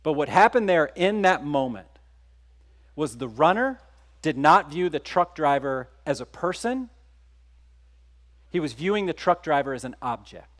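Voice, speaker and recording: A man's voice: fairly high pitch, expressive, unhurried, pauses often. Storytelling man giving a keynote. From Texas. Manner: conversational, asks the audience questions. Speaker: keynote speaker. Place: conference stage.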